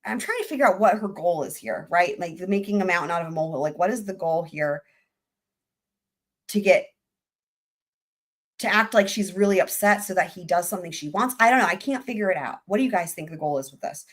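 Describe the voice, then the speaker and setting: A woman hosting a livestream, giving casual trial commentary in a very expressive, chatty way and laughing often. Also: fairly low pitch, quick pace. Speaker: livestream host.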